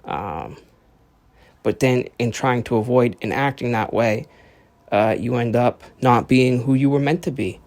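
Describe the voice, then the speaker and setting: A man's voice: mid-range voice, unhurried, a little mellow, dry recording. A man hosting his own podcast, rambling in a casual, profane way and acting out the voices he quotes. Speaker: podcast host. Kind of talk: casual solo podcast monologue.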